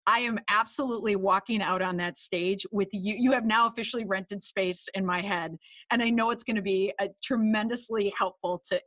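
A woman hosting a podcast interview, reacting with animated enthusiasm and asking questions in a casual chatty way. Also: mid-range voice, moderate pace. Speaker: podcast host. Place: Massachusetts area.

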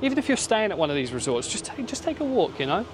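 Young guy, jokey and chatty, slightly high voice, noisy outdoor vlog audio. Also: big pitch swings, fast. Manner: wry, talkative, gently joking. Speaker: vlogger. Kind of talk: casual chat. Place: outdoors at a resort, walking and riding a cable car. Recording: noisy outdoor phone recording.

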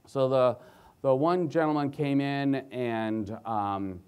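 A man's voice: mid-range voice, slow pace, a little mellow, clear, resonant tone. A man who works as a physician, giving a conference lecture in an earnest way and telling stories about his patients. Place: conference hall stage.

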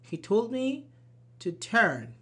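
An online English teacher giving a live grammar lesson, slowly repeating example sentences and answering chat. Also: mid-range voice, very animated, fairly bright tone, slightly rough. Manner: slow, repeats examples, apologizes and laughs at own slips.

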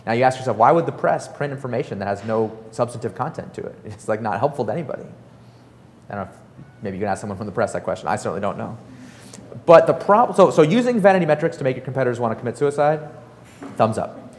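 A man talks fast and loose to an audience, with many fillers and quick asides. His voice sits at a middle pitch. Sound rings with a long hall reverb. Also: a little hiss or hum. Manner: fast, animated, filler-heavy storytelling with acted-out quotes. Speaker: startup author and speaker. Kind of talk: casual talk before an audience.

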